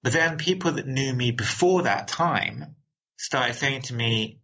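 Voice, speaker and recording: A man's voice: medium pitch, takes it slowly, sharp tone, muffled recording. A man from England with an accent between London and American, answering interview questions in an upbeat way, laughing often and repeating words as he goes. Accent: mixed London and American. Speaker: interview guest.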